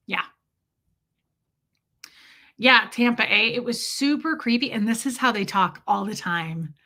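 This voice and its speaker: Speaking with a sharp tone and medium pitch, a live streamer in her forties chats casually with her audience. She answers viewer comments and tells blunt, frank stories, acting out quoted voices.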